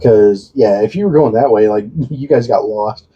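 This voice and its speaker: A man in his late twenties from the Quad Cities area of Illinois, a podcast co-host chatting casually and telling stories in a halting way, leaning on "I'm like" and acting out quoted dialogue. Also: lowish voice, slightly rough. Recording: dull lo-fi podcast audio.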